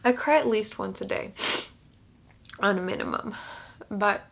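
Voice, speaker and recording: A woman's voice: mid-range voice, measured pace, vocal fry, fairly bright tone. A young woman vlogging casually, rambling with many fillers and restarts while she cries. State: crying. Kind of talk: emotional casual vlog talk.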